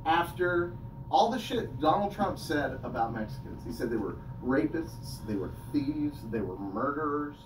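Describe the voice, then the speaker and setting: A man performing a crude stand-up comedy set, laughing at his own jokes between filler words. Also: mid-range voice. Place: small comedy room with audience. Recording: echoey room, mic at a distance, noisy. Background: audience laughter and chatter.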